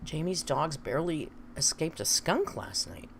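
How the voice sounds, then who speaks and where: A woman's voice: low voice, big pitch swings, measured pace, vocal fry, slight background noise. A woman chatting casually on a live stream, reading viewer comments aloud and laughing often.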